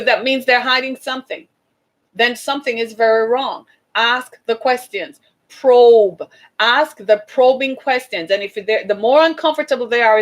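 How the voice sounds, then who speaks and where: A woman's voice: on the high side, low-quality recording. Urgent, exhorting woman speaker. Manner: urgent, exhorting, repeats points for emphasis. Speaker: speaker addressing an audience. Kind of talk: impassioned talk to an audience.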